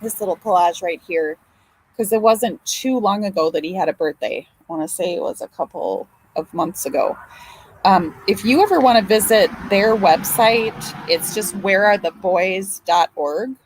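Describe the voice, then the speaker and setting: A woman's voice: medium pitch, expressive, normal speed, a little hiss or hum, rough recording. A grandmother hosting a casual livestream, talking emotionally and chattily to her viewers. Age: older. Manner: emotional, chatty, swears and apologizes. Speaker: livestream host.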